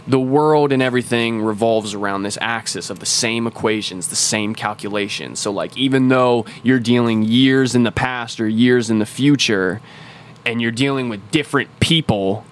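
A man's voice: medium pitch, normal speed, a little hiss or hum. A man co-hosting a podcast, casually explaining a game's story at length with lots of swearing and restarts. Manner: rambling, profane lore explainer. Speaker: podcast co-host. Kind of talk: casual chat.

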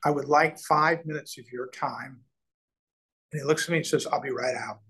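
Medium-pitched and slightly rough, the voice belongs to a middle-aged Nebraska real estate developer speaking at a moderate pace as an interview guest. He tells business stories with animation, acting out whoever he quotes and frequently starting over. The recording is rough.

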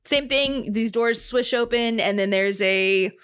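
A woman's voice: a little high, measured pace, a bit bright, smooth. A woman narrating as dungeon master in a tabletop game, casual and laid-back.

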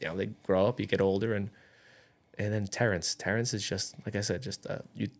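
Gravelly low-voiced man telling stories. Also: brisk. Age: around 40. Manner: animated storytelling, acting out others' lines. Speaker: podcast guest storyteller. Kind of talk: casual chat.

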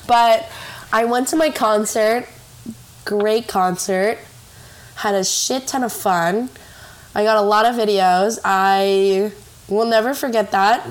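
A young woman from Michigan hosting a casual podcast, telling a rambling story full of "like" fillers and frequent laughter. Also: mid-range voice. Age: young adult. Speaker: podcast host. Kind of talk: casual chat.

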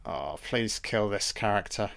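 Here a man with a lowish, creaky voice riffs on a movie he's never seen before, speaking at a measured pace. His running commentary is mocking and profane, dotted with deadpan asides.

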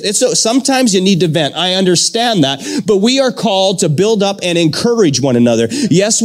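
A man preaching a fervent sermon as pastor, repeating phrases and calling on the congregation to answer back. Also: sits high. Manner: fervent preaching with repetition and call-and-response.

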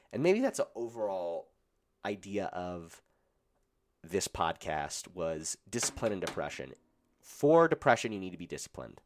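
A man hosting a solo podcast, his voice roughened by a cold, talking in an earnest, blunt and encouraging way. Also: low voice. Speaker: podcast host.

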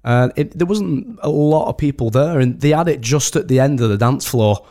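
A man's voice: medium pitch, moderate pace, mellow. British man, podcast guest, casual rambling chat, lots of restarts. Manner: rambling, many restarts and "do you know what I mean". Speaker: wedding host and celebrant, guest.

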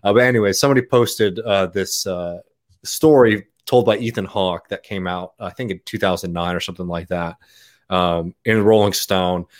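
A man with a low-pitched voice chats casually on a podcast. He tells a long, rambling story, leaning on "um" and "uh" and breaking into easy laughter. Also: moderate pace. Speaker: podcast guest. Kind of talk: casual chat.

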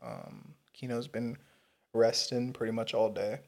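A man's voice: mid-range voice, little pitch movement, unhurried, gravelly. A man co-hosting a podcast, chatting in a laid-back way and swearing casually. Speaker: podcast co-host. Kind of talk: casual chat.

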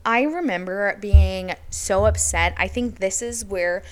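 Young woman host, candid and chatty, mid-pitched, casual confessional storytelling. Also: takes it slowly. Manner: candid, chatty, heavy use of "like". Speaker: podcast host.

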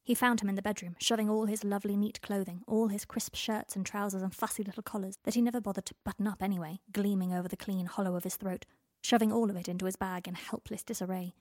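Woman narrating fiction, expressive, mid pitched, dead dry recording. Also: fast, few pauses, dry recording. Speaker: audiobook reader. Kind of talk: storybook narration.

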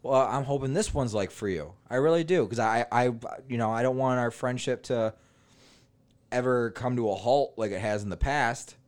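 A man's voice: medium pitch, moderate pace, smooth. A man, a stand-up comedian, casually telling rambling, profane stories on a podcast. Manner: profane, rambling, animated retelling with quoted dialogue.

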